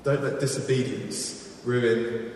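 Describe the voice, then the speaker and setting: A man preaching a sermon in a large church, earnest and storytelling, dropping to quiet emphasis on key points. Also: medium pitch, steady tone, takes it slowly, slight background noise. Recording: echoey hall from far off.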